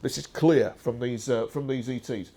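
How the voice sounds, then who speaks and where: With a steady, mellow, medium-pitched voice at normal speed, an Englishman presents slides in a digressive first-person talk. He speaks emphatically but rambles, with many restarts and "uh" fillers.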